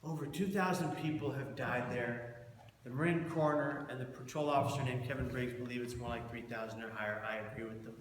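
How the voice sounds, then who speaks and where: A man's voice: fairly quick, a little hiss or hum. A man giving a personal talk to an audience and acting out the people in his story with sudden jumps in voice. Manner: animated storyteller, acts out quotes with big jumps in loudness and pitch. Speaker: keynote speaker. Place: large event hall with an audience. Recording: far from the mic in a very echoey hall.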